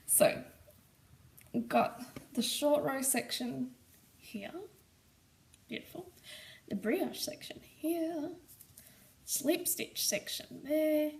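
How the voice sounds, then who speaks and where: Australian woman, knitting host, squeaky smoke-hoarse voice, higher pitch, unhurried, chatty. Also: darkish tone, a little hiss or hum. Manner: gushing, enthusiastic, rambling with ums. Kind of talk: casual show-and-tell chat.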